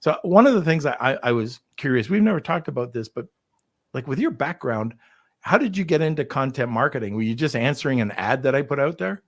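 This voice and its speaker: A man's voice: medium pitch, lively intonation, fairly quick, dry recording, studio quality. A man hosting a podcast, chatting casually and upbeat with lots of fillers over a remote call. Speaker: podcast host.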